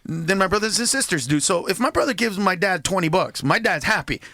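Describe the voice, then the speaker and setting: A man with a very high, bright, forceful voice, ranting in comic bits. He talks in an animated way, slips into acted-out voices and shouts his punchlines. He grew up in a big Hispanic family in the US. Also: a little fast, dry recording, clean studio sound. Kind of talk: comedic rant.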